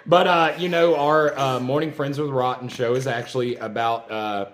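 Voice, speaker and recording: A man's voice: mid-range voice, steady tone, normal speed, echoey room. A man hosting a podcast in casual chat, telling stories loosely with lots of swearing and fillers. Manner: loose, profane storytelling with frequent fillers. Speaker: podcast host.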